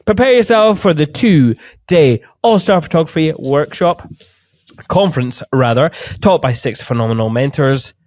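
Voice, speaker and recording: A male podcast host chats casually and teases his guest with a joking edge. His voice sits a little high and swings widely in pitch. The sound is dry and close, with no room around it. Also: normal speed, no room sound. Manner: jokey and animated, teasing.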